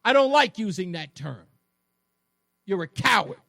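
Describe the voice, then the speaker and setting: A man's voice: sits high, big pitch swings, measured pace, vocal fry, bright, forceful tone, no echo. A male talk radio host giving an emphatic, mocking monologue that repeats its points from a studio.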